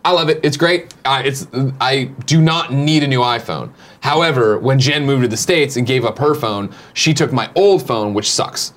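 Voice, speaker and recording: A man's voice: mid-range voice, normal speed, fairly bright tone. A man co-hosting a casual morning show, rambling through profane anecdotes. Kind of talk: casual chat.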